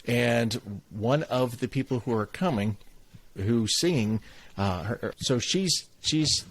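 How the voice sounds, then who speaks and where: A man's voice: medium pitch, animated, takes it slowly. A man in his forties co-hosting a casual podcast, rambling with restarts and laughs. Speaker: podcast co-host.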